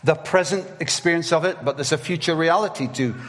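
A man preaching a sermon at church, reading scripture in a measured, earnest way. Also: fairly high pitch, fairly bright tone. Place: church hall. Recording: long reverb of a church hall.

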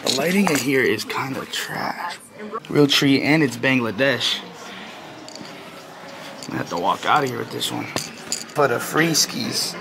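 A young man in a casual, slangy vlog, chatting excitedly while browsing a store. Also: medium pitch, measured pace, gravelly, pauses often, slight background noise. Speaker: vlogger. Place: indoor retail store. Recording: store music behind the voice. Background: music playing in the store.

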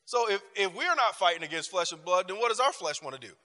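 A man's voice: sits high, quick pace, long reverb tail. A man teaching a church class, telling a personal story with frequent laughs and talking straight to the room. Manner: animated, laughing often, talks to the room. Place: church hall. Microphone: handheld microphone.

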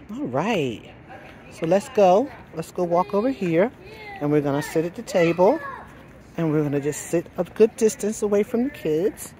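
A woman's voice: low-pitched, background noise. A woman vlogging outdoors by a pool, talking to her dog in soothing praise and firm short commands. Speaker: dog trainer vlogging a training session. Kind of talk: casual vlog narration and talk to a dog.

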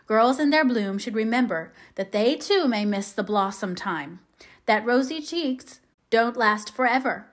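A woman narrating a classic novel aloud in a measured, gently expressive way. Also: on the high side. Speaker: audiobook reader. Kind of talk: scripted narration.

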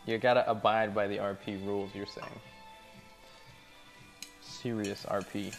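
A man's voice: fairly low pitch, steady tone, a little slow, long pauses, faint music behind. A man streaming, reading out chat messages and chatting casually in a laid-back, rambling way with frequent laughs.

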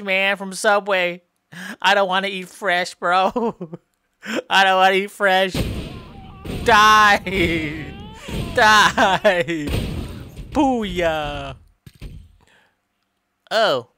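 Slow-talking exasperated woman gamer. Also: mid-range voice, pushed and bright, dry recording, clean studio sound. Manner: exasperated, keeps tacking on "man" and "bro". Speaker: gameplay commentator. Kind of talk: comedic improvised gameplay commentary.

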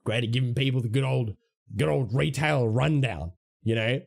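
A young man streamer telling a story in a casual, animated way, swearing and tossing in "right?" and "man". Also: mid-range voice, normal speed, creaky.

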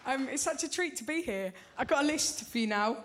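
High-voiced woman doing stand-up. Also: lively intonation, a little fast. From Britain. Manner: chatty, checks in with "right?". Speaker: stand-up comedian. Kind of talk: stand-up comedy set. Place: comedy club stage. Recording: loud crowd noise in a club.

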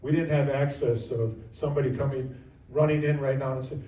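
A man's voice: medium pitch, a little fast, mellow, reverberant, distant mic, rough recording. A man preaching a sermon as pastor, earnest and repetitive, now and then acting out the voices of other people. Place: church sanctuary.

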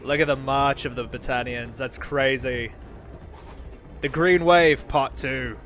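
A man giving excitable gameplay commentary, exclaiming often as the fight unfolds and rallying his troops. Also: mid-range voice, takes it slowly, faint music behind. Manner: rallies his game troops with shouted battle cries. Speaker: gaming video host.

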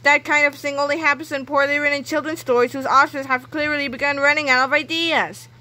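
A woman's voice: sits high, fairly even intonation, fairly quick, sharp tone, pitched above the performer's own voice. A woman doing a puzzled, wisecracking schoolboy.

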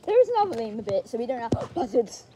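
A woman's voice: fairly high pitch, very animated, racing. A young woman chatting playfully at a zoo, greeting the animals in a sing-song voice. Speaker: vlogger. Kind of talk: casual chat. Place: outdoor zoo. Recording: outdoor crowd chatter behind.

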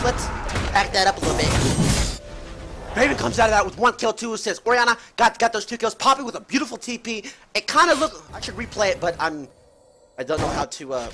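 High-pitched man yelling esports play-by-play. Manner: profane, excitable, yells during fights. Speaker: streamer casting a tournament match. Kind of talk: live esports play-by-play commentary. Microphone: headset. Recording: game music playing behind.

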